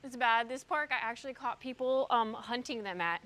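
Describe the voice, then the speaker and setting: A woman's voice: on the high side, moderate pace, pushed and bright. Chatty young woman streaming outdoors. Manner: chatty and rambling, reads out chat messages. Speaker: streamer doing yoga outdoors. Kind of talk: casual live-stream chat. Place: outdoor park by a pond, windy. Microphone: phone camera.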